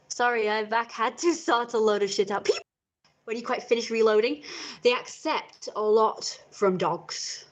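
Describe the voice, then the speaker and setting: Young woman, casual rambling chat, slightly high voice, home camera mic. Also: normal speed. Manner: rambling, acts out scenes with sudden squeals. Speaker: vlogger. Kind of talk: casual live-stream chat. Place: at home indoors.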